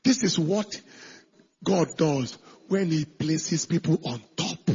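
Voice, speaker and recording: A male pastor preaching a sermon with emphasis, shifting between shouted lines and hushed asides. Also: fairly high pitch, lively intonation, slow pace, breathy edge, highs cut off.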